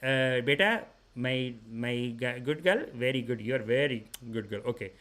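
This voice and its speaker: A man voicing a solemn male faith healer, chanting mantras slowly. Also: fairly bright tone, natural voice. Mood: soothing. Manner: slow, low murmured chanting.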